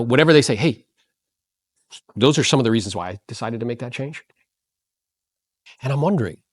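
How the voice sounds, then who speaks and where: A man's voice: mid-range voice, no echo. A man coaching agents in a blunt, slangy way, acting out callers' lines and quizzing his listeners. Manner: animated, acts out voices of callers, quizzes listeners. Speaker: real estate coach.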